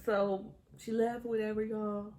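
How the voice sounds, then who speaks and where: A woman's voice: mid-range voice, measured pace. Chatty young woman telling a candid story. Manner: animated and candid, often drops into hushed asides and laughs at herself; talks straight to viewers with frequent y'all. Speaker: mother telling her birth story. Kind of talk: casual storytime vlog.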